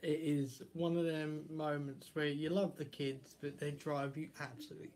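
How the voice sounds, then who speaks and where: A man's voice: on the high side, little pitch movement, normal speed, a little mellow. A man chatting casually on a live stream, teasing and bantering with his kid. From Essex, England.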